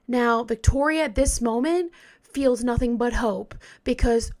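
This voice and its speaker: A woman telling a true crime story in a casual, hesitant way, often dropping into a hushed whisper. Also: on the high side, measured pace.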